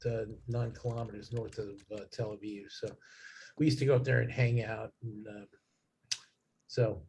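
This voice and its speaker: A man's voice: lowish voice, flat delivery, normal speed, darkish tone, a little hiss or hum. A man talking as a guest in a casual chat, rambling with many fillers and restarts.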